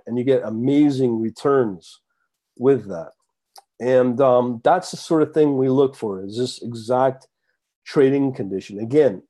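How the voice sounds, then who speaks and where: Halting man teaching trading, mellow voice. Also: mid-range voice. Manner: halting, many fillers and stumbled words. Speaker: trading webinar host. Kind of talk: live-stream screen-share lesson.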